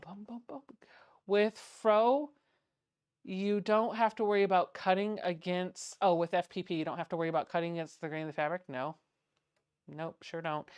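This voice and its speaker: On a quilting livestream, a woman with a lowish, clear, resonant voice chats casually as she sews, reading viewer comments aloud and humming little sound effects while she works. There's no echo.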